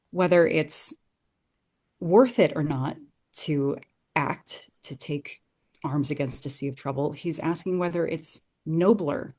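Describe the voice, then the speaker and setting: A woman's voice: low-pitched, a little mellow. A woman talking as a podcast guest, thinking aloud in an earnest, enthusiastic way as she analyses a text. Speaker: podcast guest discussing Shakespeare. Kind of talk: conversational analysis.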